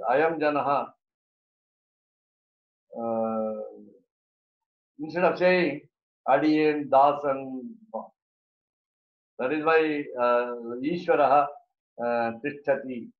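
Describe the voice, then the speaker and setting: A man teaching a class on Sanskrit grammar in a halting way, with many fillers and repeated words. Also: on the high side. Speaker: teacher of scripture. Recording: roomy, dull lo-fi audio.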